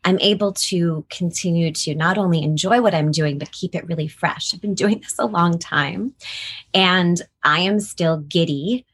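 A woman's voice: fairly low pitch, moderate pace, husky. A middle-aged woman, a voice actor, chatting animatedly in an interview. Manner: animated, chatty, laughs often. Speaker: voice actor guest. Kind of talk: casual interview chat.

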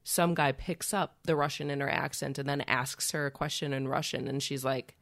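A woman's voice: very deep voice, steady tone, moderate pace, gravelly, a bit bright, dry recording, studio quality. A woman co-hosting a podcast, chatting casually with lots of fillers and frequent laughs. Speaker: podcast co-host. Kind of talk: casual chat.

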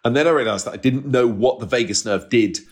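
A man's voice: mid-range voice, fast talker. A man talking candidly as an interview guest, rambling, trailing off and laughing often. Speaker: podcast guest. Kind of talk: conversational interview.

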